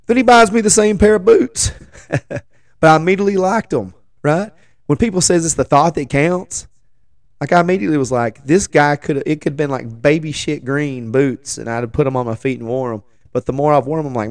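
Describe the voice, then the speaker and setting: A man in his forties with a hoarse voice after the flu, telling a rambling, joking story as a show host. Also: mid-range voice, fairly quick, dry recording, studio quality. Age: 40s. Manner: rambling, self-deprecating, joking asides. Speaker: podcast host. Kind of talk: casual storytelling chat.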